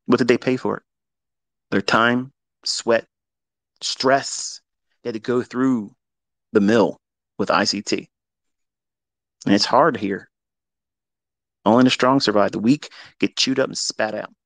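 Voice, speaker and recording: A man teaching trading in a live audio talk, blunt and heavily profane, swinging between loud emphatic bursts and quieter asides. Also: on the low side, fairly even intonation, unhurried, gravelly, pauses often, no echo. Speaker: trading educator.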